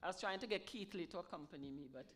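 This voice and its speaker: A woman's voice: lowish voice, racing. A woman from Montserrat, getting over a cold, who teaches a folk song line by line and then leads it in call and response. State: recovering from a cold. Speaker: song leader.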